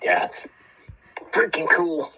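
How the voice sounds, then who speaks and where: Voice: mid-range voice, wildly swooping pitch, takes it slowly, pushed and bright, husky, dull audio, faint music behind. A co-host on a chat show, mostly agreeing in short replies with the odd dry joke. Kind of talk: casual chat show banter.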